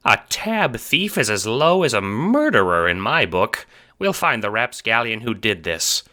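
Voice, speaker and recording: A man's voice: on the low side, sing-song, measured pace, pushed and bright, pitched above the performer's own voice, heavily acted. A man doing a dim, pompous little mayor. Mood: earnest. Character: dim, earnest short male mayor carapace.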